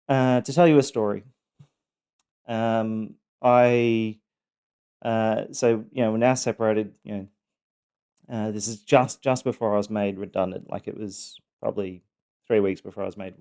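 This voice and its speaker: A man telling his personal story, speaking haltingly with many pauses and restarts. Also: lowish voice, mellow, clean tone.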